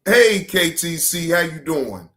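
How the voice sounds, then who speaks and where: A man's voice: on the high side, slow, slight background noise. A man hosting a reaction stream, commenting bluntly and profanely and scolding the people in the clip. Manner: animated, shouting at times.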